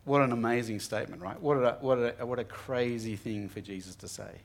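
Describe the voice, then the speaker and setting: A man's voice: mid-range voice, a little fast, gravelly. A young man giving an earnest, conversational Bible talk to students, often restarting his sentences. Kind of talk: sermon.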